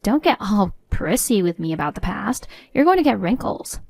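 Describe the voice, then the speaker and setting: A woman's voice: medium pitch, very animated, normal speed, gravelly, a little mellow, no echo. A woman voicing a spoiled, scheming younger sister who talks in a smug, mocking way. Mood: smug taunting.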